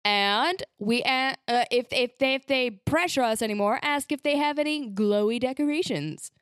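A woman's voice: high-pitched, moderate pace, fairly bright tone, smooth, no room sound, clean studio sound. A woman playing a tabletop game, jokey and playful, often stumbling over her words. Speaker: player.

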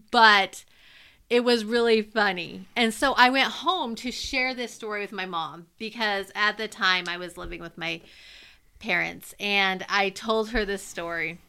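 A woman teacher telling a funny classroom story in an animated way, laughing as she goes. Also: medium pitch, clear, resonant tone. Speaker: teacher and podcast co-host. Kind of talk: personal storytelling.

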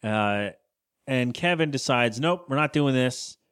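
A man's voice: medium pitch, lively intonation, measured pace, a bit bright, smooth. A man co-hosting a podcast, chatting casually as he recaps a cartoon episode, rambling and laughing often. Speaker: podcast co-host.

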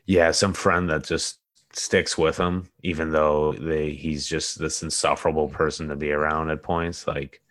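A man co-hosting a podcast, rambling and joking in casual chat, often trailing off quietly. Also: rumbling low, little pitch movement, unhurried, dry recording, clean studio sound. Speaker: podcast co-host.

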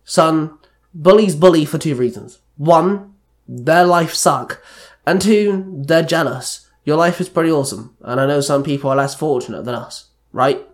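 A man's voice: fairly high pitch, a little slow, close to an everyday voice. A man doing an earnest young dad. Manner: earnest, pleading. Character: caring young father, male.

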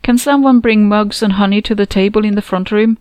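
A woman reading the part of a grieving but practical woman friend, speaking gently and firmly. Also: medium pitch, a little fast, clear, resonant tone, dry recording, lightly acted. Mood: soothing.

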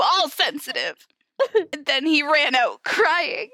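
A young woman reads fan fiction aloud for a podcast, playing it for laughs and giggling along the way. Her voice is high, bright and very animated, with an unhurried delivery. The sound is close and dry. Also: no echo. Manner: giggly, breaking into laughter while reading. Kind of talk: comic dramatic read-aloud.

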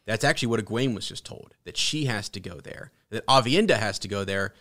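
A man's voice: on the low side, expressive, pushed and bright. Rambling man discussing a fantasy book. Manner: rambling, halting restarts, laughing asides. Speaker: podcast host. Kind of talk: casual book discussion with read-aloud passages.

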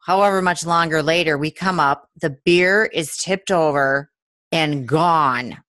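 A woman hosting a podcast, telling a story in a casual, animated way. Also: low-pitched, unhurried, no room sound. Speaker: podcast host.

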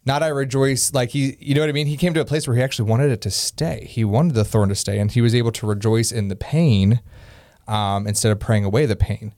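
A man's voice: mid-range voice, brisk, a little mellow, no room sound, clean studio sound. A man co-hosting a Christian podcast, speaking earnestly and building to preachy emphasis. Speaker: podcast co-host. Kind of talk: casual faith discussion.

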